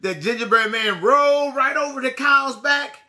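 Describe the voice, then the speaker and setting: A man teacher who reads a picture book aloud to young children, speaking slowly and deliberately and asking them questions. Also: extremely high pitch, bright, forceful tone.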